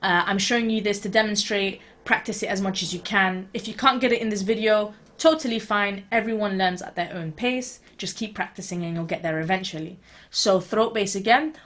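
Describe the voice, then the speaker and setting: A woman gives a casual beatboxing tutorial for an online video. She talks in an easygoing way with a few fillers. Her tone stays steady and encouraging as she reassures learners. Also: medium pitch, brisk. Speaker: beatboxing teacher.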